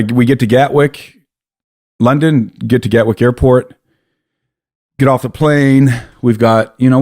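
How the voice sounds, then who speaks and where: An American man, a podcast guest, telling a story in an animated way, often breaking off and restarting his sentences. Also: mid-range voice, dry recording, studio quality. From United States. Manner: animated, self-interrupting storyteller. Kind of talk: casual storytelling.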